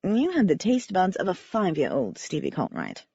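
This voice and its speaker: A woman voicing a fussy, uppity man with a British accent who drawls and chides, his voice husky and silken. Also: on the low side, wildly swooping pitch, moderate pace, mellow, no room sound, highs cut off, exaggerated voice. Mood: chiding. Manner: drawling, haughty.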